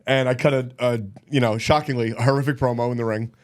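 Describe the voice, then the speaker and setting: A man's voice: mid-range voice, quick pace. A man co-hosting a wrestling podcast, telling stories and ranting in a profane, laughing way. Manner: animated storyteller, profane, laughing. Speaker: podcast co-host, former wrestler. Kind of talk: casual podcast chat. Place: studio.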